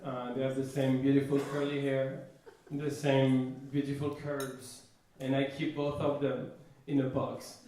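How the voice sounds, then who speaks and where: A man doing a stand-up comedy set, boasting in a deadpan way and often restarting his sentences. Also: medium pitch, measured pace, few pauses. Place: comedy stage before a laughing audience. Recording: echoey, distant live room mic with noise.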